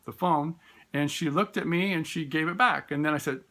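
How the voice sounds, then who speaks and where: Bright-voiced man telling classroom stories. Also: fairly high pitch, brisk. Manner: warm storytelling, acts out voices in quotes; frequent fillers and restarts. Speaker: special education teacher. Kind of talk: informal talk with classroom stories.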